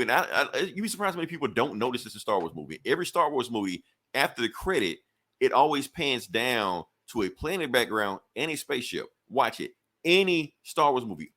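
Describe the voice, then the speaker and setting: A man with a somewhat low voice chats through a comic book storyline in a loose, conversational way. He rambles, restarts, and leans on fillers like a friend catching you up, never sounding scripted. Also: a bit bright. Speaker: podcast co-host. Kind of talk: casual comic book recap.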